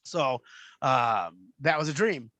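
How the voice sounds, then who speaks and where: A man's voice: medium pitch, slow, dry recording. A man in a casual podcast chat, telling stories with lots of energy, acting out the people he quotes and swearing freely. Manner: animated storyteller, acts out quoted voices, swears freely. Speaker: podcast guest.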